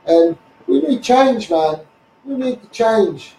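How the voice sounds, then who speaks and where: Scouse bloke going off on a phone livestream, highish voice, echoey and kinda far off. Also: male voice, lively intonation, slow pace, mellow, slight background noise. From England. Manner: fired-up, repetitive, addresses viewers as mate. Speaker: self-styled campaigner on a livestream. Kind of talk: ranting to camera.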